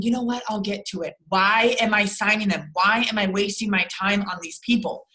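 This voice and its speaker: A woman's voice: medium pitch, fairly even intonation, normal speed, hardly any pauses, pushed and bright, rough recording. A young woman leading her sales team over a video call, blunt and rambling, with lots of swearing and fillers.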